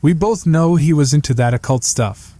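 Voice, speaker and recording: A man's voice: a little high, moderate pace, dark tone, no room sound, pitched above the performer's own voice, close to an everyday voice. A man voicing an anxious young man who keeps pressing his brother with hesitant questions. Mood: uneasy.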